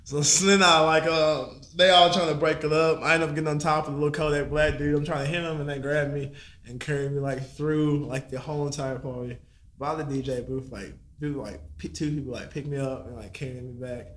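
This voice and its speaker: A man's voice: on the high side, fairly even intonation, brisk, fairly bright tone, echoey room. A man casually telling a story on a podcast, laid-back and slangy, laughing and swearing as he goes. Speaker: podcast guest.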